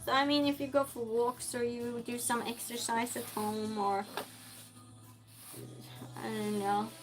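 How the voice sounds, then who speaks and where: A woman's voice: on the high side, level tone, measured pace, music in the background. A woman streamer chatting casually while she cooks, reading viewer comments aloud and answering them with frequent laughs. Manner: laughs often, teases the chat. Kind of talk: casual chat while cooking.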